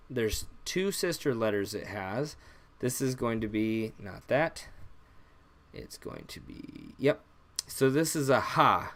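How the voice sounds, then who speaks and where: A young man teaching an alphabet lesson on a live stream, relaxed and rambling, with many fillers and self-corrections. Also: mid-range voice. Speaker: language teacher.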